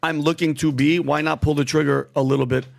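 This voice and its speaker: A man asking the panel for advice, speaking haltingly with frequent restarts. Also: a little high, level tone, gravelly. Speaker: audience member asking advice. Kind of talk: casual question.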